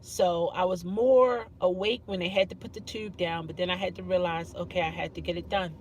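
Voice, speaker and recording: A woman's voice: lowish voice, fairly even intonation, a little fast, a little mellow, slight background noise. A woman vlogger telling a personal story to camera in an earnest way, often repeating phrases and restarting her sentences.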